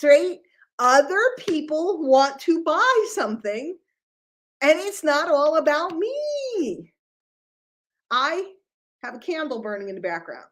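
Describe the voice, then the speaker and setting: A middle-aged woman from New York City giving an animated business talk to her sales group, full of rhetorical questions. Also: fairly high pitch.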